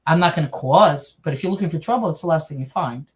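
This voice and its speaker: A woman's voice: low voice, quick pace. A middle-aged woman from New York telling her story in an interview, animating it with the voices of the people in it. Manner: animated, acts out others' voices in her stories. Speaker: interview guest.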